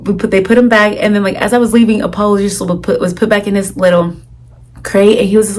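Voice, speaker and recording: A young woman vlogging, telling a personal story in a chatty, animated way, full of "like" and acted-out quotes. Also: medium pitch, fast. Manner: chatty, animated retelling with lots of "like" and quoted dialogue. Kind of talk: casual storytelling to camera.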